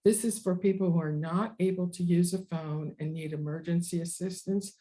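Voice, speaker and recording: Webinar presenter walking through benefit rules, steady explainer tone, warm mellow voice, mid pitch. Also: rough recording. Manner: measured, explanatory, partly read with some ad-libbed asides. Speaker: disability advocacy presenter.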